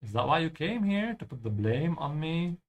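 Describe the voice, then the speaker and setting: A man's voice: a little high, sing-song, moderate pace. A man teaching German while playing a game, explaining patiently and ending his points with "yeah?". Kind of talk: language lesson over gameplay.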